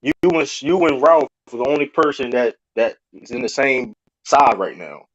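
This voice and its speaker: A man with a deep voice in a heated panel debate, talking loud and repeating himself defensively. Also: expressive, moderate pace, no echo. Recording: dry, dull lo-fi sound.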